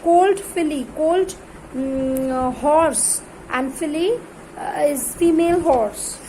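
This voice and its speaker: A woman teaches an English grammar lesson to a class, reading word lists in louder, drawn-out calls and spelling words letter by letter. Her voice sits high, and the sound is roomy in a noisy room recording.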